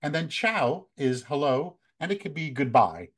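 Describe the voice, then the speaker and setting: An American man in his fifties, a photography workshop leader, giving relaxed, conversational travel tips with many fillers. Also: a little high, a little slow. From United States. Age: 50s. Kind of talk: casual talk, practical travel tips.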